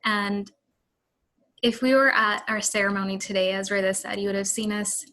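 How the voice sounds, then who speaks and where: A woman's voice: mid-range voice, level tone, moderate pace, pushed and bright. A woman giving a speech as a newly sworn lawyer over a video call.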